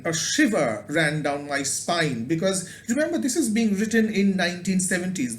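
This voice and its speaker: A man with a fairly high voice gives a thoughtful video lecture, pausing on ums and repeating words as he works out his thoughts. The room adds a noticeable echo around him. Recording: roomy echo.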